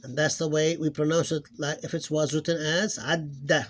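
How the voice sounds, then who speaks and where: A man's voice: on the high side, fairly even intonation, moderate pace. A man teaching Arabic phonics in an informal lesson, thinking aloud, correcting himself and stretching out the example words he models.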